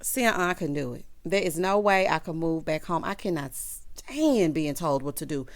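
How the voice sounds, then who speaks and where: A woman recapping a TV episode in a casual chat, animated and sassy, talking straight to her viewers with chatty asides. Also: low voice, moderate pace. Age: adult with a child. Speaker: TV recap reviewer.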